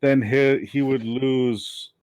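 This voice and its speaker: A man's voice: medium pitch, fairly even intonation, takes it slowly, a crowd in the background. A man running a tabletop game as game master, patiently explaining rules in casual talk.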